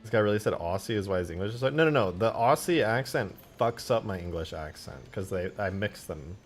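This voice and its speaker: A man's voice: fairly low pitch, animated, brisk, faint music behind. A man live-streaming game modding, chatting casually and cursing as he answers viewers. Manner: loose and profane, answering chat questions. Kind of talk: casual livestream chat while modding.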